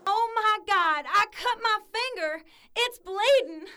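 A woman playing a meek, high-voiced young student. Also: lively intonation, takes it slowly, heavy background noise, full character voice. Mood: flustered. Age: young adult. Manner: meek, apologetic, tearful under pressure. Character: timid young female cosmetology student stuck as a kitchen helper.

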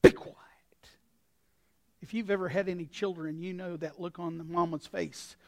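A male pastor preaching a sermon with a folksy, anecdotal manner, swinging from quiet asides to sudden shouts. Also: high voice, steady tone, fairly quick. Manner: impassioned, breaks into sudden shouts.

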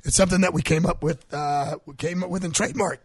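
A man's voice: a little high, quick pace, breathy edge, no echo. A man co-hosting a health talk show, chatting casually and acting out quotes as he tells stories. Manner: animated storyteller, acts out quotes. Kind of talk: casual chat.

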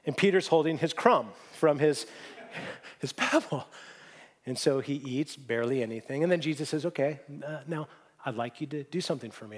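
A man's voice: a little high, lively intonation, moderate pace. A man preaching a sermon as a pastor, telling stories in an earnest, conversational way.

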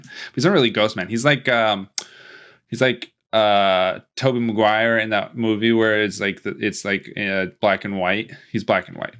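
On a podcast, a man casually recaps a movie, rambling, joking, and acting out the characters' lines with frequent restarts and playful quoted voices. His voice sits on the low side and is a bit bright, with fairly even intonation at a normal speed.

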